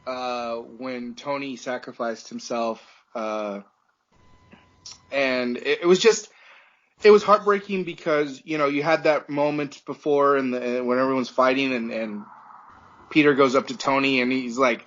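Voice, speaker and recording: A man's voice: mid-range voice, measured pace, fairly bright tone, lo-fi sound. A podcast producer, a man, chatting casually and talking earnestly and emotionally.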